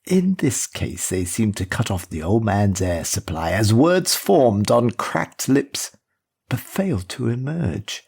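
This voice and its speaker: A man narrating an audiobook in a measured, expressive storytelling manner. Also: on the low side, gravelly, slightly rough. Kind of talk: scripted narration.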